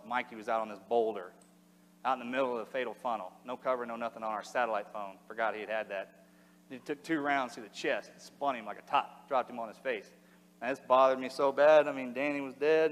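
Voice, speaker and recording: A middle-aged man telling a war story to an audience in a plain, halting way, his voice sinking low and quiet at the hardest parts. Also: a little hiss or hum. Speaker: speaker giving a talk. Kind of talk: recounting a combat story to an audience. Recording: long hall reverb.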